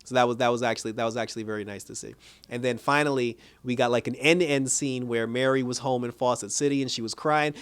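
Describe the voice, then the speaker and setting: A man with a fairly high voice recaps a TV episode for his channel. He talks casually and with lots of energy. He laughs a lot and retells scenes by quoting the characters. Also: brisk. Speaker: TV show reviewer.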